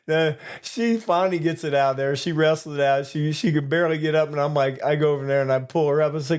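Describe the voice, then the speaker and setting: A man's voice: on the high side, a little fast, hardly any pauses. A man co-hosting a casual podcast, a flight attendant telling funny work stories, laughing often and acting out quotes. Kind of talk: casual storytelling chat.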